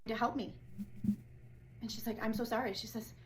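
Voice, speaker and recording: A woman's voice: a little high, fairly even intonation, moderate pace, slight background noise, rough recording. A woman venting in an agitated monologue, retelling a workplace clash and acting out every line of dialogue. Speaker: former assistant assessor. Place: indoors, filmed herself.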